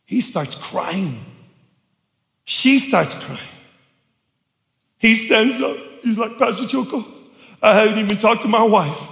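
Animated man preaching in an echoey church. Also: high-pitched, gravelly. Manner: animated storytelling, acting out dialogue, shouting for emphasis. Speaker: pastor. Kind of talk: storytelling sermon. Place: church sanctuary.

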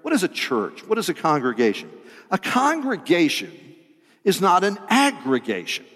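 A male pastor preaching a sermon to a congregation, animated and joking with them. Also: high voice, moderate pace, husky, in a large hall.

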